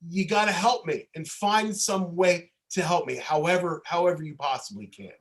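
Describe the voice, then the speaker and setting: A man's voice: high voice, fairly even intonation, normal speed, close to an everyday voice. A man voicing a grieving young wife who pleads with her husband to act, in an insistent, pleading way.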